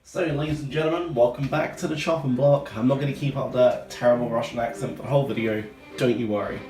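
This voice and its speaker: A man hosting a comic cooking video, talking loudly and excitedly as a playful showman. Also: medium pitch, fast. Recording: roomy echo, distant mic, music behind.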